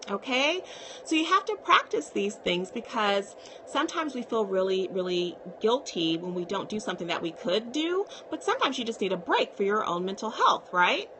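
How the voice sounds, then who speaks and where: A woman's voice: medium pitch, lively intonation, normal speed, noisy background. A woman psychiatrist talking casually to viewers on a live stream, reassuring and often checking in with "okay?".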